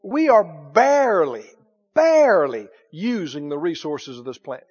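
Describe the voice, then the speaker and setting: A man preaching a sermon in a folksy way, dropping to hushed lines and rising to loud exclamations. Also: on the high side, very animated, measured pace, husky. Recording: dull lo-fi sermon recording.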